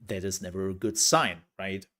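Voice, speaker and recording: A man's voice: sits low, moderate pace, bright, forceful tone. A young man chatting casually to his livestream viewers, rambling with lots of fillers and laughs. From outside the US, from a country with universal healthcare. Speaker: streamer.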